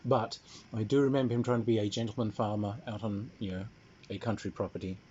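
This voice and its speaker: A man's voice: on the low side, fairly even intonation, quick pace, warm tone, slight background noise. A man telling a rambling, wry family anecdote in a casual way. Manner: rambling, wry, many fillers. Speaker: storyteller. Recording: dull lo-fi sound.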